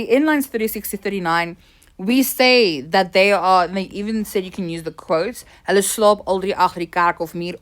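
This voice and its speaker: A South African woman teacher talking through exam answers, switching between languages as she translates, her voice often trailing off quietly at line ends. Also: on the low side. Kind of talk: exam revision lesson.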